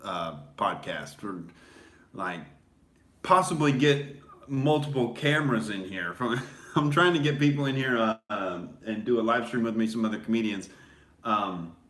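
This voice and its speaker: A man's voice: fairly low pitch, normal speed, fairly bright tone. A man hosting a podcast as a comedian, rambling through a casual, sarcastic monologue. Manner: rambling and sarcastic, many fillers. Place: small home recording setup. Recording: echoey room.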